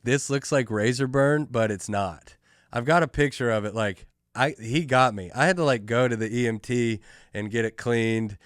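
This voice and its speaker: Young comedian guy rambling through a story on his podcast, lots of likes and dudes, clean smooth voice, dry sound. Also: medium pitch, no echo. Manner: animated, fast, full of "like" and "dude". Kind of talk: casual storytelling.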